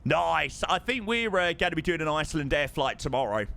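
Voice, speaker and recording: A man streaming live over a flight simulator, effusive and excitable, thanking his chat again and again. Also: on the high side, brisk, gravelly. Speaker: livestreamer.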